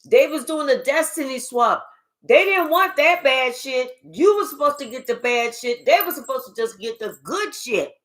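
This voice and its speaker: A woman giving a casual spiritual reading, talking in an animated, profane way and acting out quoted voices. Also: high voice, normal speed. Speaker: spiritual reader. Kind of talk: casual live reading monologue.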